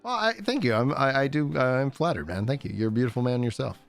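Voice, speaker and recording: A man's voice: medium pitch, lively intonation, fast talker, gravelly, soft background music. Chatty man hosting a stream. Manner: rambling, laughs often, lots of fillers. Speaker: livestream host. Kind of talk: casual chat.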